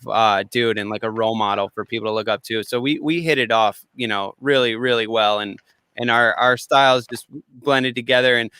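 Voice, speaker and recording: A man chatting casually as a podcast guest, telling animated stories with swearing and quick impressions of his friends. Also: medium pitch, smooth, no room sound. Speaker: guest recording artist.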